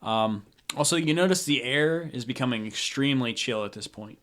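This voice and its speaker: A man's voice: mid-range voice, expressive, moderate pace, fairly bright tone. A young man narrating as game master of a tabletop game, talking loosely with many fillers.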